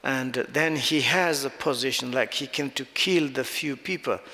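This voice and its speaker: A man with a Tibetan accent teaching Buddhist dharma in halting, non-native English with frequent restarts and searching for words. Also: mid-range voice, sharp tone, long reverb tail.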